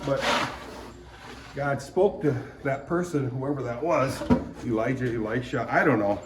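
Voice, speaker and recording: A man talks slowly and loosely into his camera, drifting between faith thoughts and small personal asides. He clears his throat again and again and keeps a chatty, joking tone. His pitch sits in an ordinary middle range. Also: very noisy. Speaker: vlogger sharing faith reflections. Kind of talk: casual rambling devotional chat.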